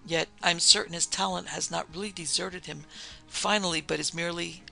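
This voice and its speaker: A woman's voice: fairly low pitch, steady tone, brisk, gravelly, bright, forceful tone, faint music behind, full character voice. A man voicing an earnest, anxious Swedish lady in a classic ghost story reading, who speaks hesitantly and searches for her words. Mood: earnest, worried.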